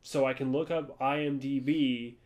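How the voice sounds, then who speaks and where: A man's voice: fairly even intonation, moderate pace, darkish tone. Rambling casual man telling stories. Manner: rambling storyteller, jumps to high-pitched voices for quoted people. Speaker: podcast co-host. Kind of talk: casual chat.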